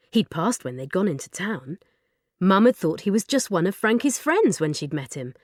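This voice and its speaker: A woman narrating a children's storybook in an expressive, lively way. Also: fairly low pitch, moderate pace, no room sound, studio quality. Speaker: audiobook narrator.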